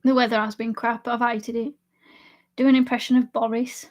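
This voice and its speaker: Young woman, high voice, casual stream chat, laughs a lot, having a drink. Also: level tone, moderate pace, dull audio. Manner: chatty and giggly, laughs often. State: drinking alcohol. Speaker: live streamer reading chat.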